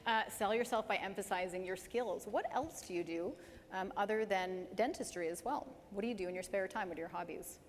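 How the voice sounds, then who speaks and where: Animated woman presenter in a reverberant hall. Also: mid-range voice, a little fast. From Canada. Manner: lively, emphatic, shifts pace to demonstrate. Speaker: presenter at a dental career talk. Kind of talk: live presentation. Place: large hall with an audience. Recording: hall reverb, faint background noise.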